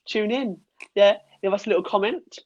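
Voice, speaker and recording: A man's voice: high voice, normal speed, lo-fi sound, slight background noise. A man, a guest podcaster on a video call, chatty and promoting his show. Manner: chatty, plugs own show. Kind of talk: casual live-stream chat.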